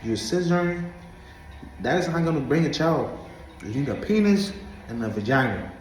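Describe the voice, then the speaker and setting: A man's voice: fairly high pitch, animated, moderate pace, a little hiss or hum. Preachy man from Africa, echoey room. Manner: preachy, emphatic, repetitive. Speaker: vlogger. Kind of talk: casual monologue to camera.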